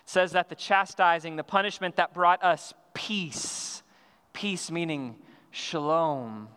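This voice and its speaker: High, bright-voiced man preaching a sermon. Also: smooth, in a large hall. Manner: earnest, measured preaching with slowed emphatic phrases and some restarts. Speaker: pastor. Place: church sanctuary.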